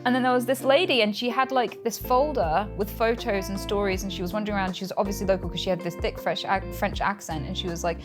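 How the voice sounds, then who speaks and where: Young British woman, chatty interview guest, animated storyteller, light music bed. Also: medium pitch, quick pace, few pauses. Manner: animated storytelling, acts out quotes, laughs often. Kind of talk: casual interview chat.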